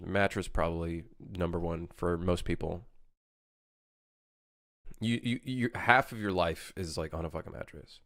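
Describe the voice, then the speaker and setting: Low-voiced rambling male streamer. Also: steady tone, unhurried, pauses often, fairly bright tone, dry recording, studio quality. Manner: rambling, swears freely, restarts sentences. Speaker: game developer streamer. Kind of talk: casual live-stream chat.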